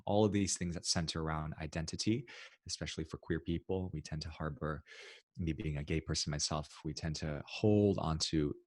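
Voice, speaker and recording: A man from New City, a guest in an interview, talking in a reflective, halting way with frequent restarts. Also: low-pitched, dry recording, studio quality. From New York City. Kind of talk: casual interview talk.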